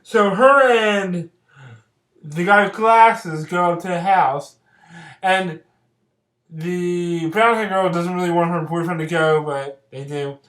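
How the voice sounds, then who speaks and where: A casual vlogger retells a film's plot in a loose, rambling way, full of fillers and quick giggles. The voice sits at a middle pitch. The recording has a noticeable roomy echo from a home room. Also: a bit bright. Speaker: vlogger reviewing films. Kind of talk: casual movie plot recap.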